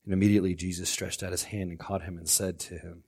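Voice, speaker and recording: A middle-aged man preaching a sermon as pastor, swinging between loud outbursts and hushed lines. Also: low-pitched, steady tone, quick pace, hardly any pauses, slightly rough.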